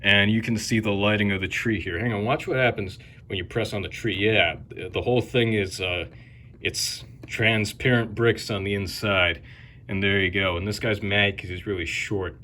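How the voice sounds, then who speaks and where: A man's voice: fairly low pitch, fairly even intonation, normal speed, pushed and bright, a little hiss or hum. A man hosting a video, narrating a casual show-and-tell tour with crude, wisecracking jokes and rambling asides. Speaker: video host.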